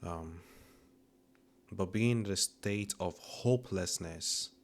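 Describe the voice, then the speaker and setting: Deep, unhurried male host; earnest and a little choked up as he reflects. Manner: slow, earnest, hesitant with fillers. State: emotional. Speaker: channel host. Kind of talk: reflective commentary introducing a video.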